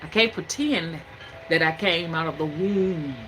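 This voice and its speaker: A woman's voice: low-pitched, unhurried, a bit bright, soft background music. A Southern woman over fifty, a spiritual reader, talking to camera in a folksy, emphatic, preaching cadence. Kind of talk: casual talk to camera.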